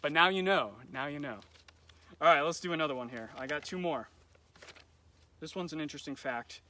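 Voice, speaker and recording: Brisk, bright and pushed, this young man's fairly high voice carries his casual nature trivia for kids, full of ums and easygoing chatter. He's a camp educator streaming live from a nature center through a phone or camera.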